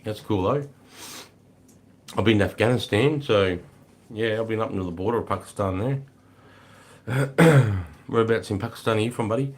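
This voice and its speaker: An Australian man hosting a casual livestream, greeting viewers and chatting with a relaxed, swearing, matey manner. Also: lowish voice, normal speed, long pauses. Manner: swears freely, laid-back, greets chatters as mate and brother. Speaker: livestream host. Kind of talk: casual livestream chat reading comments.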